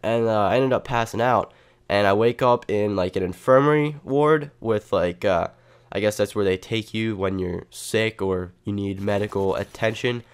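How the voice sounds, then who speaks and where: A man's voice: on the low side, normal speed, clean tone. A man telling an improvised comedy story in a rambling, profane way, full of filler words. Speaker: comedy vlogger.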